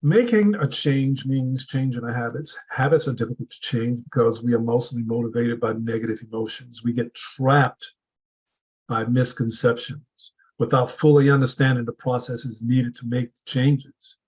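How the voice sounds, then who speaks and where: Husky-voiced man giving a motivational talk. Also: medium pitch, a little mellow, poor audio. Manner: deliberate, with repeated rhetorical questions. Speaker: club speaker. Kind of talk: motivational speech.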